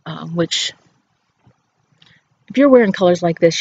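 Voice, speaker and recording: A woman's voice: on the low side, lively intonation, a little slow, pauses often, darkish tone, husky, no echo. A woman hosting a knitting podcast outdoors, chatting playfully about her work and laughing often. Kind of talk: casual show-and-tell chat. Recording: dull outdoor recording with faint background noise.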